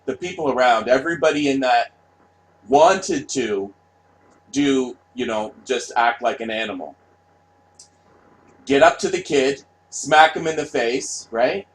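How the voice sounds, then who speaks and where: A man's voice: medium pitch, rough recording. Blunt, profane man ranting. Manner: profane, blunt, repetitive, asks "right?" often. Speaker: vlogger. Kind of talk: ranting monologue.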